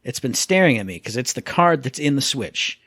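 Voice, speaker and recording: A man co-hosting a casual gaming podcast, telling stories with lively acted-out quotes and sound effects. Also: mid-range voice, moderate pace, no echo. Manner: animated storyteller, acts out quotes and sound effects. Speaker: podcast co-host.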